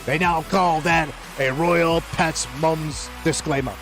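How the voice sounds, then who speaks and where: A man doing a self-assured foreign soccer expert with a muddled, hard-to-place accent. He delivers nonsense with deadpan confidence, pitched a bit high, over a faint music bed. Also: slow pace. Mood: mock-earnest. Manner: jokey, deadpan bluster. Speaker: radio co-host.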